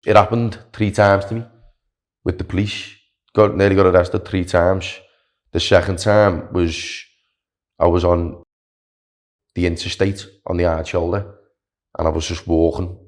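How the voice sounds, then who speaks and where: A young man tells a story in casual podcast chat. His voice sits very low. He rambles in an animated way, stacking fillers and restarts. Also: normal speed, pauses often. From Wales. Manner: animated, chatty, filler-heavy with "like" and "do you know what I mean". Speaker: podcast guest, long-distance walker.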